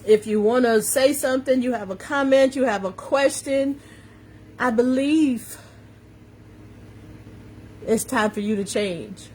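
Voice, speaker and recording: A woman's voice: on the high side, unhurried, long pauses, a little mellow. A woman coach with a slight New York accent, hosting a live stream and speaking in a preachy, emphatic way, repeating her key phrases and greeting viewers by name. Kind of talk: live-stream motivational talk. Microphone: phone or webcam on a social media live video.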